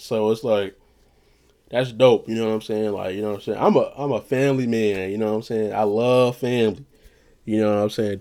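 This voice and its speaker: A man talking casually on his own vlog in a loose, rambling way, often saying "you know what I'm saying". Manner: low monotone voice that he says he projects; loose, restarting, swears casually. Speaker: vlogger; retail worker.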